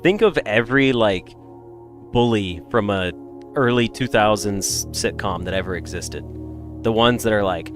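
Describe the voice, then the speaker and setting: A man with an American accent, a little congested, chatting casually with viewers in a rambling, animated way. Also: fairly low pitch, normal speed, soft background music. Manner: animated, rambling, swings between loud bursts and mutters. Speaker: streamer.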